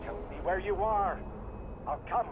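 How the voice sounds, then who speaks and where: A man's voice: high-pitched, animated, unhurried, phone-quality sound, background noise. An actor playing a worried man calling a woman on the phone, urgent and pleading, heard as game audio under a let's play.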